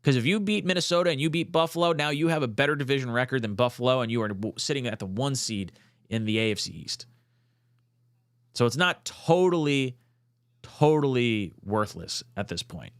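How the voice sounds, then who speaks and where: A young man hosting a casual fan talk show, reading out chat comments and getting fired up, swearing and nearly shouting at times. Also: medium pitch, brisk, no echo, clean studio sound. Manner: excitable, swearing, rising to near shouts when fired up. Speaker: podcast host.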